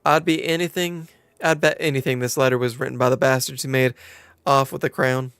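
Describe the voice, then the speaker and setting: A man's voice: mid-range voice, fairly even intonation, racing, warm tone, smooth, no echo, studio quality, lightly acted. A man voicing a shrewd, confiding innkeeper woman, reading game dialogue aloud with a put-on southern drawl.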